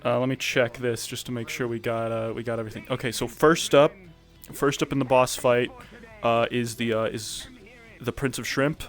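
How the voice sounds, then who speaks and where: A man's voice: mid-range voice, steady tone, normal speed, faint music behind. A man playing in a tabletop game, chatting casually and joking with the others. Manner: loose and joking, shouts at times. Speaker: player.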